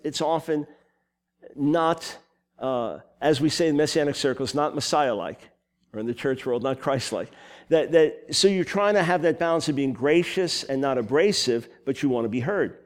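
A man from New York with a New York accent, preaching a sermon full of personal stories, animated and quick with asides. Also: fairly high pitch. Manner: animated storytelling, quick asides and self-corrections.

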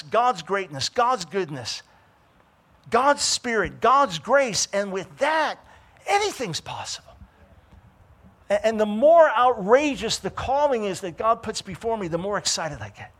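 An older man telling a personal story and preaching with animated emphasis. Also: sits high. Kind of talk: testimony sermon.

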